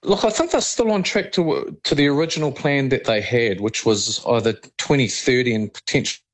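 A man, a rugby league chair answering a radio interview in a measured, confident way. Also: mid-range voice, rough recording.

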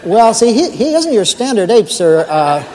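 Man doing a jittery rookie guard on the phone, halting and deferential, higher voice, long hall reverb. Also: sing-song, heavy background noise. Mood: flustered. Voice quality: stammering, hesitant, overly polite. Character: nervous new male night guard phoning his boss. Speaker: comedian.

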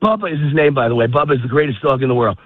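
A man calling in as a guest, out of breath while walking a dog in a park, talking in an emphatic, rapid-fire, repetitive way. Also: medium pitch, dry recording. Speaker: call-in guest. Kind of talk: heated political phone interview. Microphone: phone. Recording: tinny dry phone line.

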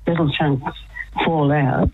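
Low voiced woman on the phone telling her story, laughs a lot, kinda tinny. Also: slow. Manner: animated storytelling, laughs often. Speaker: guest. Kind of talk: casual chat. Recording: tinny phone line with faint noise.

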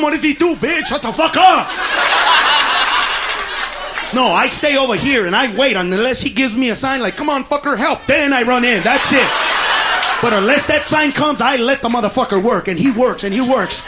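A man doing a brash, profane stand-up set, barking punchlines and challenging the audience. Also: sits high. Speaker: stand-up comedian. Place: comedy club stage before a live audience. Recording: live club recording with roaring crowd and noise.

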